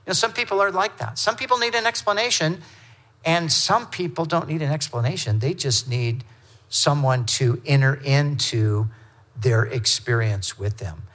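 A man's voice: a little high, normal speed, a bit bright. A man preaching a sermon in an earnest, conversational way, reading Scripture aloud as he goes. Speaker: pastor.

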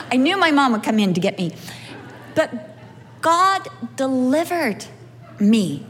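Woman preacher with a higher voice, humorous storytelling testimony, reverberant hall. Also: sing-song, unhurried, slight background noise. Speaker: speaker sharing a testimony. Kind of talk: sermon with personal storytelling.

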